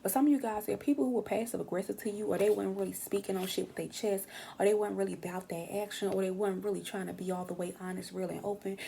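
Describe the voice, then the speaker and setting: Fast-talking brash young tarot reader woman. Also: mid-range voice, fairly even intonation, gravelly, warm tone, slight background noise. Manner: brash, slangy and profane, acting out what others say. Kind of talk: casual tarot reading.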